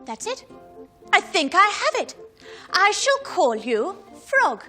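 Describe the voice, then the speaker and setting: A haughty, cruel Tudor queen in a comedy sketch. Her voice is very high and bright, and it rises and falls as she mocks her courtiers. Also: big pitch swings, takes it slowly, faint music behind, heavily acted. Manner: haughty, mocking.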